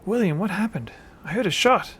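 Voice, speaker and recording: A man's voice: animated, fairly quick, a bit bright, a little hiss or hum. A man doing a wailing wounded outlaw. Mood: panicked. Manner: wailing, high panicked cries. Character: panicking wounded male outlaw.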